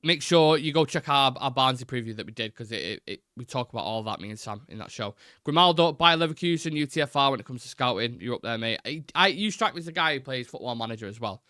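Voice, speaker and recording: A man's voice: medium pitch, animated, fast, few pauses, bright, forceful tone, no echo, clean studio sound. A young man hosting a live football fan show, chatting through his opinions and reading viewer comments, with plenty of fillers and restarts.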